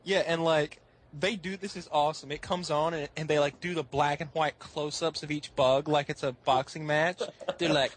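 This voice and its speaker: A man co-hosting a podcast in casual chat over an online voice call, excitable and quick to laugh. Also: a little high, a little hiss or hum.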